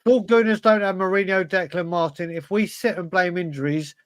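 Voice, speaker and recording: A man with a high voice co-hosts a football fan show, reading viewer questions aloud. He talks in an earnest, chatty way, and the recording is dry and close. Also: fairly even intonation, a little fast, smooth, no room sound. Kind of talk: casual football chat.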